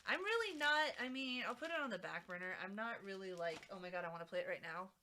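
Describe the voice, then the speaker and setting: A woman's voice: mid-range voice, animated, quick pace, pushed and bright, slight background noise. A woman live streamer in casual, rambling chat at her home setup, talking with lots of fillers into a mic set a little back from her mouth. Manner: rambling, chatty, many fillers. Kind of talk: casual chat while crafting. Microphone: mic set a little away from the mouth.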